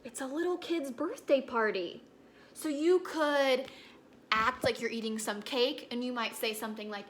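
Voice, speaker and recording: A young woman teaches a recorded lesson for kindergartners with a high, bright voice. She speaks in a gentle, encouraging storytelling manner. Faint background noise sits behind her. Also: moderate pace.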